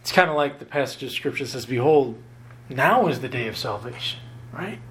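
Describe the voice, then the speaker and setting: Preaching on a Bible passage, this man sounds earnest and emphatic, stretching out key words slowly and tossing in bits of light self-deprecating humor. His voice is mid-range, animated, and fairly bright.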